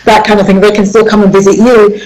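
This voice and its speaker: A woman's voice: mid-range voice, flat delivery, fast talker, a little mellow, low-quality recording. A middle-aged woman hosting a radio talk show, speaking emphatically and turning to her listeners directly.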